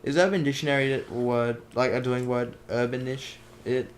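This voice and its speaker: A man's voice: steady tone, normal speed, a little hiss or hum. Joking teen guy. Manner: joking, jumpy pitch. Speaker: podcast host. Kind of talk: casual chat.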